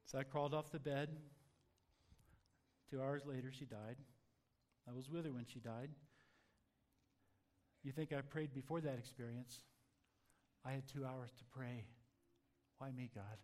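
A man telling a personal testimony in an earnest, halting way, dropping soft and low at times. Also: fairly even intonation. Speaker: testimony speaker.

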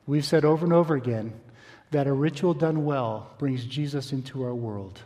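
A man preaching a sermon, reading scripture aloud and slowing down for emphasis. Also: mid-range voice, mellow, in a large hall. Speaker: pastor.

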